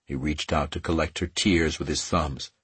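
A man reading romance fiction aloud as an audiobook narrator, in a measured, softly emotive way. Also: extremely low pitch, steady tone, slightly rough, no echo.

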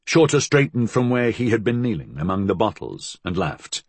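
Low husky male audiobook narrator, lively, expressive delivery. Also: dry recording. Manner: measured storytelling.

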